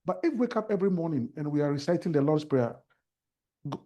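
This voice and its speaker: A man's voice: a little high, expressive, fast talker, dark tone. A man with a Ghanaian accent, a guest on a talk show, telling stories and preaching about faith in an earnest, sermon-like way.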